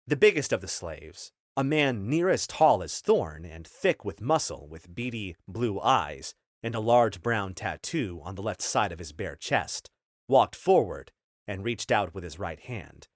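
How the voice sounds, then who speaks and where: A low-pitched man narrates an audiobook with lively, animated intonation. The sound is close and dry, like a studio booth. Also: a little slow, no echo. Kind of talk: scripted narration.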